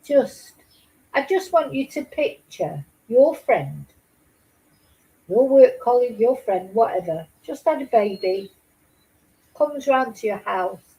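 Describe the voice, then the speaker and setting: A woman's voice: a little high, lively intonation, takes it slowly, pauses often, warm tone, low-quality recording. A woman hosting a casual true-crime chat, talking emphatically and indignantly, repeating herself and swearing. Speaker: host.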